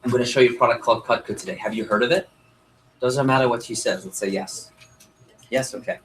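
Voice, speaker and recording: Casting: a man as an energetic sales trainer addressing a room, mid-pitched voice, slight background hiss. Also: fast, low-quality recording. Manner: animated, role-plays customer lines, asks audience questions. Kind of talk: sales training talk to a group.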